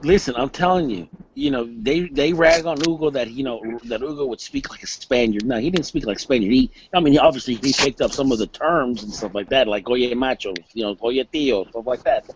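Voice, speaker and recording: A man on a casual sports podcast, talking in an animated, insistent way and cutting in often. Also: medium pitch, fairly quick, few pauses, muffled recording, noisy background. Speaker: podcast panelist. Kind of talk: casual chat.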